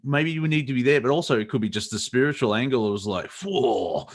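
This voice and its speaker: A man's voice: medium pitch, quick pace. A man from Australia with a mild, mixed international accent, chatting as a guest author over a video call, often laughing and using fillers. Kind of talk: casual chat.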